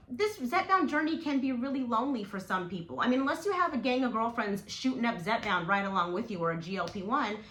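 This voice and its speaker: Woman vlogger, bright and encouraging, lively swooping delivery, slightly high voice, echoey room with light hiss. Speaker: weight-loss vlogger. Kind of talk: encouraging motivational vlog. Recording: echoey room with faint noise.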